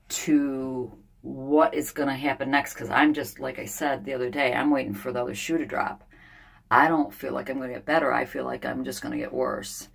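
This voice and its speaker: An older woman vlogging in a sauna, thinking out loud in a blunt, candid, venting way. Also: rumbling low, gravelly. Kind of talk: casual vlog monologue.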